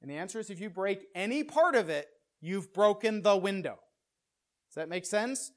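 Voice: medium pitch, expressive, normal speed. Preacher doing a chatty teaching sermon, lots of "right?", repeats words when pushing a point. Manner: keeps checking in with "right?" and rhetorical questions; pace and loudness rise and fall for emphasis.

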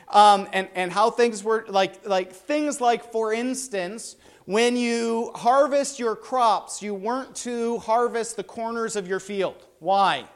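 A man teaching a Bible class, emphatic and stopping often to check that listeners follow. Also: sits high. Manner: emphatic, frequent "right?" check-ins; stumbles and restarts, then slows for emphasis.

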